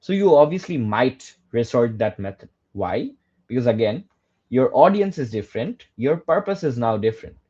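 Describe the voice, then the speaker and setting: A young man with a Bangladeshi accent teaches a workshop on public speaking in a mellow, dark-toned voice. He keeps asking questions and answering them himself, often tagging "right?" onto his points. The recording sounds dull and lo-fi. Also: medium pitch, big pitch swings, a little fast, breathy edge. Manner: mixes in Bengali phrases. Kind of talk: workshop lecture.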